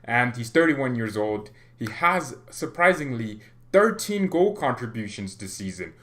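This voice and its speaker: A man's voice: medium pitch, very animated, unhurried, fairly bright tone. A man hosting a football fan channel, chatting casually, joking and going off on tangents. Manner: chatty, joking, rambling with self-interruptions. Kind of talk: casual vlog commentary.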